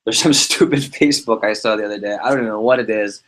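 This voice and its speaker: A man leading a sales team meeting, giving an energetic motivational talk full of anecdotes and repetition. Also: on the low side, fast talker. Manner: energetic, repeats himself, tells anecdotes. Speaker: team leader running a sales prep meeting.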